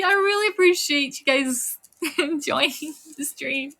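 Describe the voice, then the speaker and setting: A woman's voice: sits high, animated, measured pace, creaky, a bit bright, breathy edge. A young woman streamer chatting casually on a live stream, giggling often as she thanks viewers and reads the chat.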